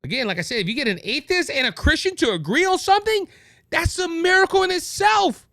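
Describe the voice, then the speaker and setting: Emphatic Cajun man, high and bright. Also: lively intonation, fairly quick, vocal fry, dry recording, clean studio sound. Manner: emphatic, repeats words and restarts phrases. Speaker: podcast host. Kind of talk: opinion monologue.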